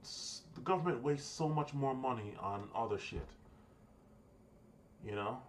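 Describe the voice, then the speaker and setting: A man's voice: medium pitch, a little slow, slight background noise. An American man venting in a casual, profane political rant to camera, rambling and repeating himself. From United States. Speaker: vlogger.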